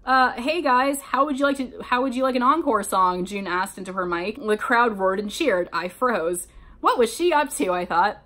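A woman's voice: on the high side, moderate pace, fairly bright tone. A woman reading a fan-written story aloud, breaking off for sarcastic commentary between passages. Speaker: YouTuber reading fanfiction aloud.

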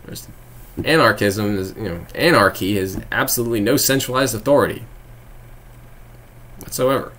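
A man's voice: fairly low pitch, moderate pace, long pauses, fairly bright tone. A young man from Texas, live-streaming and chatting casually with viewers, rambling with frequent laughs and sarcastic asides.

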